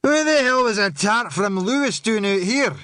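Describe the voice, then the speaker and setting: Male narrator doing drunk slurring woman, audiobook, pitched up high. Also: expressive, moderate pace, bright, forceful tone, dry recording, clean studio sound. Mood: jeering.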